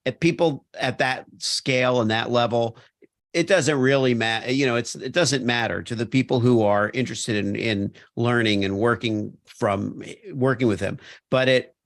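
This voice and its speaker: A man hosting a podcast interview, reflective and measured, thinking aloud as he talks. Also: mid-range voice, no room sound, studio quality. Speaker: podcast host. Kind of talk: conversational interview.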